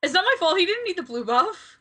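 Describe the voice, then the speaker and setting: A young woman co-hosting a casual podcast, excitable and blunt, swearing freely. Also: very high-pitched, fairly quick. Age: young adult. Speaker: podcast co-host. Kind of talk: casual chat.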